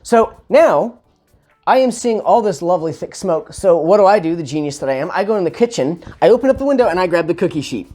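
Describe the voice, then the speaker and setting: A man telling a funny personal story in a casual, animated, self-mocking way, with sarcastic asides. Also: sits high, fast talker, few pauses.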